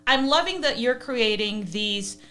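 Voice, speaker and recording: A woman's voice: a little high, lively intonation, measured pace, sharp tone. Enthusiastic woman podcast host. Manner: enthusiastic, encouraging interviewer. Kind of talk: casual interview chat.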